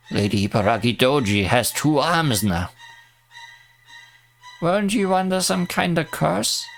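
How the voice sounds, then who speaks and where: A man voicing a band of brash, excitable oni underlings who cheer for battle. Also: mid-range voice, heavily acted. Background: faint background music.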